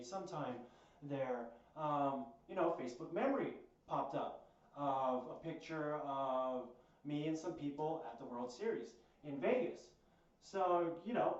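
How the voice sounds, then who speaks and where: A man's voice: on the high side, darkish tone, recorded from a distance. A young man telling a long personal story in a rambling, profane way, full of fillers and restarts. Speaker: storytime host. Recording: echoey room, voice set back from a dull mic.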